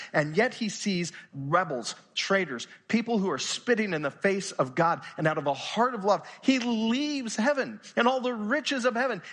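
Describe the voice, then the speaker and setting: A pastor preaching in church, his voice sitting high for a man. He speaks earnestly, asking the congregation pointed questions and sinking to a hushed intensity to drive points home. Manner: earnest, questioning, often drops to a quiet, intense tone. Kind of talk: sermon.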